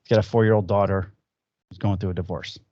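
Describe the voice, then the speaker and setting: Low-voiced man in casual podcast chat. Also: fairly even intonation, fast, dark tone, no room sound, lo-fi sound. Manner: loose, swearing banter. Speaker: podcast co-host. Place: at home, recording remotely.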